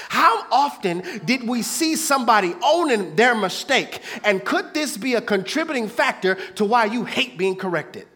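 A man in his thirties preaching a sermon as pastor, swinging between hushed asides and shouted points with the congregation. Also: very high voice, big pitch swings, moderate pace, few pauses.

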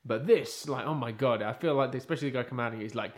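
A man's voice: medium pitch, very fast. A man co-hosting a casual chat, talking in a loose, rambling way with jokes and lots of filler words. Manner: loose, rambling, jokey, full of "like". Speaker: podcast co-host.

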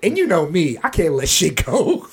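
Man, podcast co-host, lively pitch and plenty of swearing in loose storytelling chat. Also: normal speed, slightly rough. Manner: animated, profane, slangy, acts out quotes.

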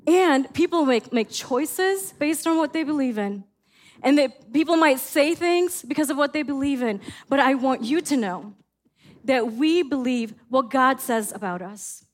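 High-voiced woman pastor preaching. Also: unhurried. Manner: animated storytelling, acts out her own quotes. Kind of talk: sermon.

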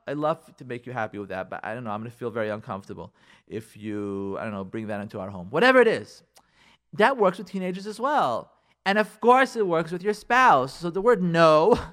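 A man's voice: high voice, a bit bright. Emphatic man giving marriage advice. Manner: emphatic, acts out spouses' lines, uses Hebrew and Yiddish words. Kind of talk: radio advice talk.

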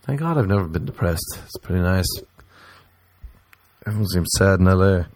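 A man from Ireland with a Cork accent, telling comic stories in a rambling, animated chat full of crude humor and tangents. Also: low voice, moderate pace, no echo. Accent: Irish, Cork.

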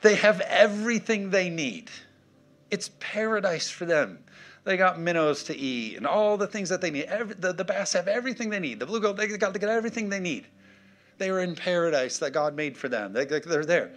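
A man's voice: sits high, lively intonation, a little fast, fairly bright tone. Emphatic man preaching a sermon. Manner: emphatic, punchy, call-and-response. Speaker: pastor.

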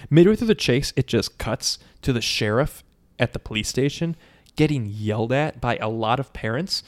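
A man in casual podcast chat, recapping a movie with lots of swearing and quick quoted voices. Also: mid-range voice. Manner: profane, animated storytelling with quick quoted voices.

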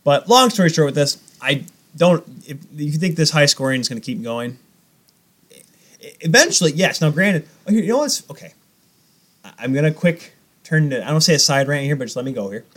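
A man's voice: fairly high pitch, fairly quick. A young man co-hosting a podcast, rambling in casual chat about hockey and goaltending. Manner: animated, rambling hockey talk. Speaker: podcast co-host.

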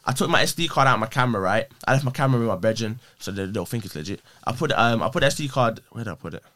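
A young man telling a story as a guest on a chat podcast. He is slangy and animated, swears freely and keeps asking whether you get it. His voice sits at an ordinary middle pitch for a man. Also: very fast. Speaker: podcast guest, prank creator.

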